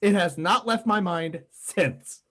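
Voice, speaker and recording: A man co-hosting a podcast, chatting casually and animatedly, now and then breaking into laughing shouts. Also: sits high, takes it slowly. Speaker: podcast co-host. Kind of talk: casual chat.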